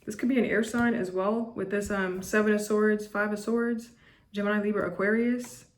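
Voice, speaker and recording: A woman's voice: medium pitch, little pitch movement, moderate pace. A woman giving a casual tarot reading to camera, chatty and blunt, with lots of restarts and fillers. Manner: chatty, repetitive, with frequent restarts and "like"; blunt and judgmental. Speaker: tarot reader.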